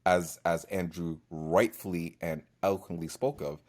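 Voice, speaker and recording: A man speaking as a therapist on a podcast, measured and encouraging. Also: low voice, fairly even intonation, darkish tone. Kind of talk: podcast discussion.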